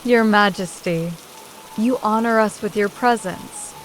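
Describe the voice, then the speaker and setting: A woman reads a dutiful older brother in a storybook, polite and tentative. Slow delivery, middle pitch, faint rain behind. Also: slight background noise, lightly acted, poor audio. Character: dutiful older brother, hesitant before royalty. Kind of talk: audiobook reading. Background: rain sound.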